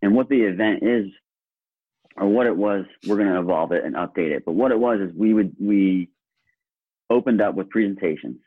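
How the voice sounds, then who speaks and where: A man's voice: on the low side, normal speed, slightly rough, dry recording. A man speaking as a podcast guest in casual conversation, earnest and enthusiastic, often restarting his sentences. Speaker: guest, speaker and workshop presenter. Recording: tinny phone-like line.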